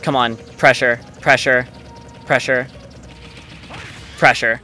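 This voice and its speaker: Slow-talking excitable gamer guy. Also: mid-range voice, a little hiss or hum. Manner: excitable, swears a lot, frustrated outbursts. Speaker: let's play gamer. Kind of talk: live gameplay commentary. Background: faint game music.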